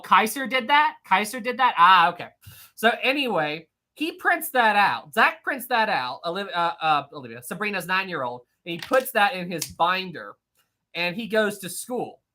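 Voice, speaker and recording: A woman's voice: on the low side, bright, forceful tone. A woman hosting a casual live stream, talking to her chat with frequent laughter and many restarts.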